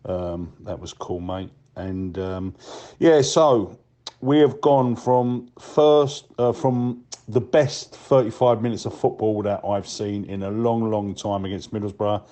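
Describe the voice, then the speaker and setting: A man's voice: lowish voice, dark tone. A man leaving a voicemail, ranting bluntly and with frustration, swearing and saying mate often.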